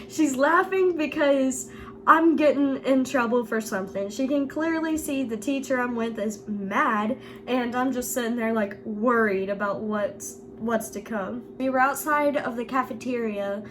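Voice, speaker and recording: A young woman with a high, bright-sounding pitch tells a story in a relaxed, chatty vlog manner. She giggles often and fills her sentences with casual fillers. A faint hum sits under her voice. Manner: giggly, laughs through the story. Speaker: vlogger.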